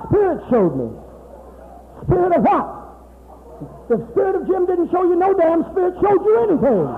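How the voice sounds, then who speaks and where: A man preaching a sermon to his congregation in a mocking, profane manner, swinging between loud outbursts and hushed, confiding talk. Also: very high-pitched, sing-song, normal speed, slight background noise. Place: church hall. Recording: tinny old tape from a reverberant hall.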